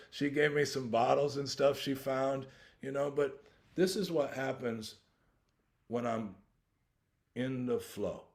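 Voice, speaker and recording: A man's voice: mid-range voice, darkish tone. A man giving an earnest, rambling personal share at a recovery workshop, often restarting his sentences as he goes. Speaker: invited speaker at a recovery workshop.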